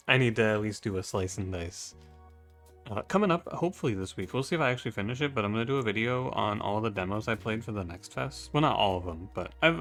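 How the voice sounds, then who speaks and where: Sleepy low-voiced man narrating gameplay. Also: fairly bright tone. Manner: rambling, self-correcting, thinking aloud. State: sleepy, just woke up. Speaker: gaming YouTuber. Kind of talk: casual gameplay commentary. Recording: faint background music.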